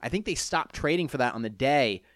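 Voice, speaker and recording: A man in a casual chat who talks in an animated way, swears freely and often restarts his sentences. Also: medium pitch, fairly quick, no echo, clean studio sound.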